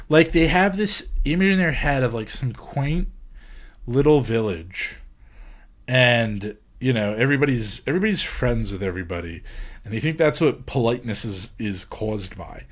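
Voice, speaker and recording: A man's voice: mid-range voice, animated, unhurried, pauses often. A man giving a casual podcast lecture, hesitant, with many ums and restarts. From England.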